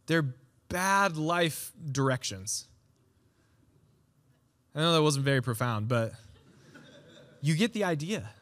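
A man's voice: a little high, animated, takes it slowly, pauses often, fairly bright tone. A pastor in his thirties giving a conversational sermon, acting out little quoted voices as he goes.

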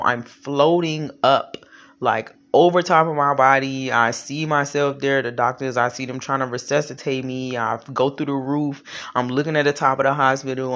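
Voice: medium pitch, a bit bright. A vlogger telling their own life story in casual spoken style, frank and profane, rambling with fillers and frequent check-ins with the audience.

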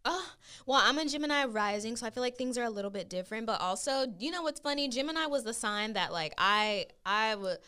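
A woman co-hosting a podcast in casual chat, blunt and profane, telling stories with animated asides. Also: on the high side, brisk, hardly any pauses, clear, resonant tone. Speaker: podcast co-host.

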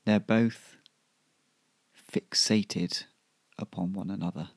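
A man telling a comic serial story in a deadpan, unhurried manner. His low voice is gravelly and husky, recorded close and dry. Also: no room sound.

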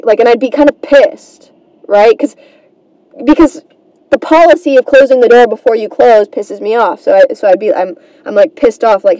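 A woman's voice: on the high side, moderate pace, warm tone, dry recording, poor audio. A woman hosting a comedy podcast, telling a rambling, self-deprecating story in a casual monologue and swearing freely.

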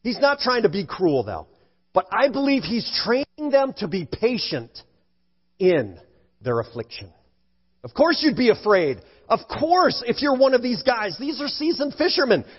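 A male pastor preaching a sermon in an animated way, at times acting out frightened voices. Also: very high-pitched, moderate pace, husky. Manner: animated, acts out scared voices for effect. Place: church sanctuary. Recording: dull sound with long hall reverb.

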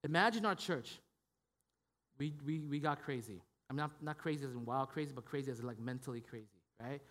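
A man's voice: medium pitch, fairly quick, a bit bright. A man preaching a sermon as pastor, in a conversational style with frequent "right?" tag questions and restarts. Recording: long hall reverb.

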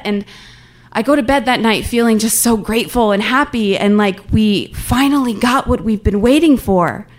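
A woman's voice: fairly high pitch, normal speed. A young woman telling a personal story, earnest and candid, in a conversational way.

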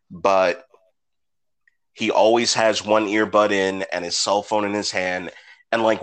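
A man co-hosting a casual podcast chat, telling stories with swearing and jumping up high when he acts out what people said. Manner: animated storyteller, acts out quoted people with big pitch jumps. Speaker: podcast co-host.

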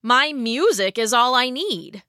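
A woman's voice: fairly high pitch, animated, slow pace, sharp tone, dry recording, studio quality, voice pushed up, heavily acted. A woman voicing a cheerful young male musician and poet. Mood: cheery. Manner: cheerful, light.

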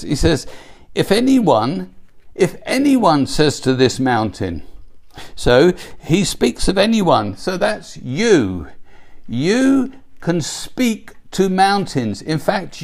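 A man's voice: fairly high pitch, vocal fry, darkish tone. A man preaching a sermon, emphatic and exhorting, driving home his points through repetition. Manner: emphatic, exhorting with repeated phrases.

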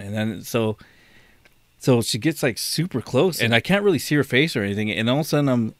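A man's voice: mid-range voice, animated, fast, no room sound. A man co-hosting a podcast, telling a long story in casual chat, with many restarts. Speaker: podcast co-host.

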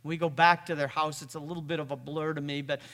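A man with a slightly high, bright and forceful voice tells a personal story to a gathering. He stumbles and restarts often, repeating words as he goes. His voice carries a long reverb that lingers around the hall. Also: level tone, fast. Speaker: speaker.

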